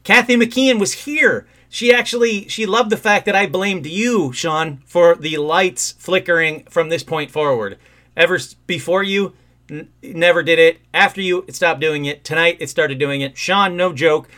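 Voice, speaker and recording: A man hosting a casual call-in livestream from home, rambling and excitable with sudden outbursts. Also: on the high side, normal speed. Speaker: host of a call-in livestream show. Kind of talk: casual live-stream chat.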